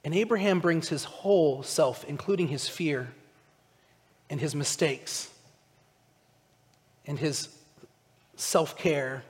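High-voiced preacher in a reverberant church. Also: male voice, slow, pauses often. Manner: conversational, animated, asks listeners questions. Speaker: pastor. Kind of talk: sermon.

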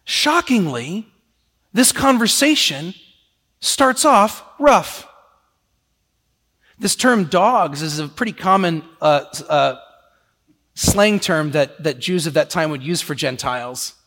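A man preaching a sermon in a lively, conversational way, often slipping into quoted voices. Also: a little high, slow, pauses often, in a large hall.

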